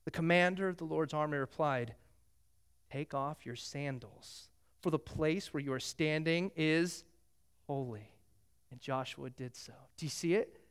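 Animated high-voiced male preacher. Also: unhurried, clean tone. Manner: animated storytelling, acting out biblical dialogue. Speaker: pastor. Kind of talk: sermon.

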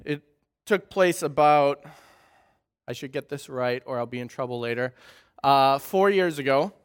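A man's voice: mid-range voice, measured pace, clean tone. A man in his thirties from southern Wisconsin with a light Wisconsin accent, giving a friendly, humorous church talk with personal stories. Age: 30s. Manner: friendly, humorous, chatty storytelling. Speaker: guest speaker at a church. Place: church sanctuary.

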